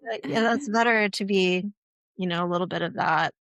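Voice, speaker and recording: A woman's voice: fairly low pitch, normal speed, fairly bright tone, no echo. A woman guest expert on a podcast, talking casually and checking in with "right?" and "okay?", sometimes acting out quoted lines. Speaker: guest expert on puberty education. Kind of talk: conversational podcast interview.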